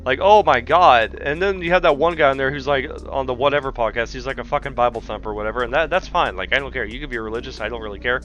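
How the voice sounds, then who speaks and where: A man in his thirties rants into the mic with a bright, forceful edge, blunt and exasperated, swearing freely. His delivery is sarcastic commentary, with faint music playing underneath. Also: medium pitch, racing, hardly any pauses, dull audio. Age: 30s. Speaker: commentary channel host. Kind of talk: profane ranting commentary.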